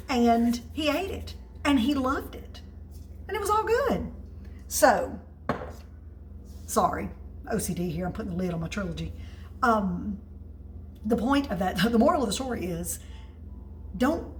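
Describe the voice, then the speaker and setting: A woman, chatting excitedly and telling stories while cooking in her home kitchen. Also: a little high, moderate pace, slight background noise, low-quality recording. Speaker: home cook host. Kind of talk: casual cooking video chat.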